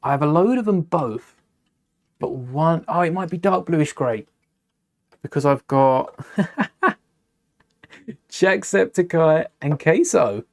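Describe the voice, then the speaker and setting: A man's voice: fairly high pitch, expressive, slow pace, pauses often. Chatty man hosting a live build stream. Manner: chatty, thinks aloud, frequent self-corrections and laughs. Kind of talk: casual live-stream chat while building.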